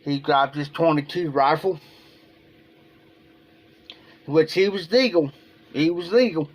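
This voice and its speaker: A man's voice: fairly high pitch, slow pace. A man from Ohio telling a long personal story on a live stream, rambling and repeating "I said" as he goes. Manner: rambling, repeats "I said" between quoted lines. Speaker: livestream host.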